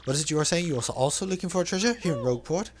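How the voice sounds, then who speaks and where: A man's voice: on the high side, lively intonation, rapid-fire, a little hiss or hum, pitched above the performer's own voice, natural voice. Man hamming up Flavio, a pompous trader. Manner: grandiose, theatrical, overly formal phrasing. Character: flamboyant dramatic male trader-sailor, pompous and greedy. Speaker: let's play dubber.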